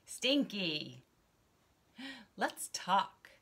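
Slow, lively, bright-voiced young woman teacher. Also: medium pitch, vocal fry. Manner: slow, bright and encouraging, lots of praise. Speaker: online English teacher. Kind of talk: online lesson with a child.

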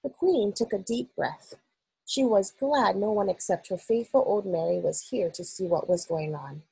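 A woman reading a children's novel aloud for school children in an expressive, unhurried storytelling manner. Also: mid-range voice, creaky, slightly rough, dry recording, poor audio.

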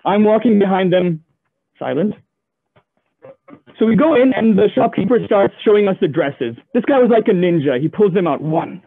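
A man's voice: high-pitched, slightly rough. A young man from the Gulf region doing a stand-up comedy set over a video call, telling stories with playful asides. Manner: animated storyteller, playful asides. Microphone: video call audio. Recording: tinny phone-like line.

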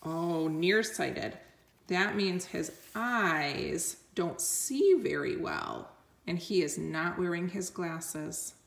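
A woman reading a picture book aloud slowly and gently, explaining words for children. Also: fairly low pitch, lively intonation, gravelly. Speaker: storyteller.

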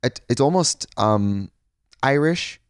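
A man's voice: mid-range voice, animated, slow pace, smooth, dry recording, studio quality. A man co-hosting a podcast in casual chat, rambling and slipping into mimicking voices. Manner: rambling, puts on mimicking voices in quoted bits. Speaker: podcast co-host.

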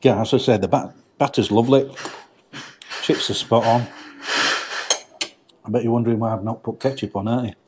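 A friendly middle-aged man talks easily to the camera, calling the viewers his mates. His voice sits at an ordinary middle pitch. Faint background noise runs under his voice. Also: fairly even intonation, brisk, long pauses. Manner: chatty, addresses viewers as mates. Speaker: vlogger reviewing a pub. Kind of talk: casual food review vlog. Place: pub dining area.

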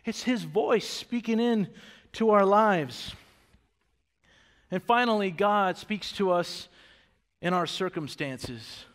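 A pastor preaching a sermon in a church, building from steady storytelling to loud, shouting passages. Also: male voice, sits high, takes it slowly, long pauses, big-room sound. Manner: builds to loud shouting passages, then drops to a quiet close. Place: church sanctuary.

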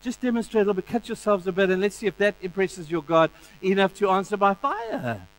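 A man's voice: high-pitched, big pitch swings, a little fast, a little hiss or hum. A male preacher voicing a sarcastic, taunting prophet who mocks his rivals.

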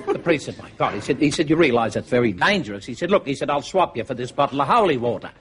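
A man's voice: medium pitch, huge pitch swings, fast talker. An older Australian comedian telling jokes in a rambling, chuckling way, full of "he said, uh". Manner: rambling, chuckling storyteller with many "he said, uh". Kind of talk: stand-up joke telling. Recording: TV studio with faint noise.

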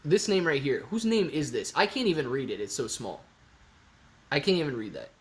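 Hosting a casual Q&A on a livestream, a man reads viewer comments out loud, thinks aloud and keeps repeating himself as excitement takes hold. He's slightly high-pitched and a bit fast.

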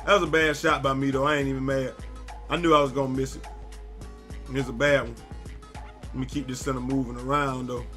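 A young man giving loud, excitable live commentary while playing a basketball video game, often yelling at his teammates. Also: medium pitch. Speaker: gaming YouTuber.

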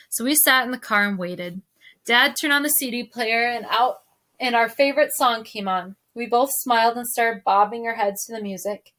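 A teacher reads a novel aloud to her class in a steady, clear storytelling voice. Her voice sits a little high. She keeps an even pace through the narration.

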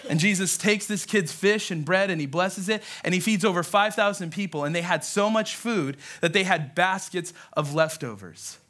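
A man pastor preaching a lively sermon, telling stories and acting out the voices in them. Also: high-pitched, normal speed, few pauses.

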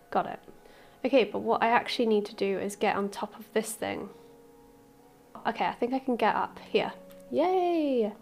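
A woman hosting a casual let's-play, gushing and excitable, with squeals of delight and soft murmurs as she explores. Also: medium pitch. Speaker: gaming channel host.

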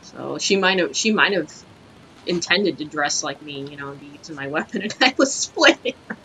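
A young woman hosting casual gaming commentary, crude, giggly and excitable, talking over her play. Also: sits low, moderate pace, slight background noise, low-quality recording. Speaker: host.

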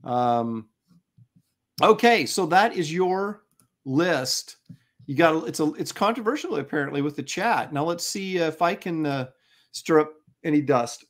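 A middle-aged man with a somewhat high voice talks in a casual, loose chat. He gets eager and rambles, circling back and restarting as he thinks aloud. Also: animated, a little slow. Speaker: co-host.

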